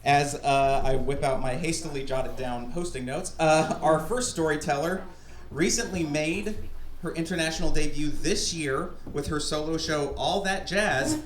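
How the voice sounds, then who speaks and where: A man's voice: fairly high pitch, unhurried. A young man from Alabama hosting a live storytelling show on a small theater stage, chatty and joking at his own expense. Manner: chatty, self-deprecating, joking. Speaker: host. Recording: roomy live theater sound.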